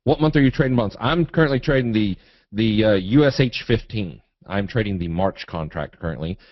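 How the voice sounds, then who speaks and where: A man with a Southern accent from Eastern Kentucky leads a live webinar on trading in a low, easygoing voice. He jokes in a folksy way as he reads out questions and answers them. The audio is dry and slightly muffled, like a dull web stream. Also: fairly quick, no echo. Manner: folksy, relaxed, joking. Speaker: trading educator. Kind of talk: live webinar teaching, reading viewer questions.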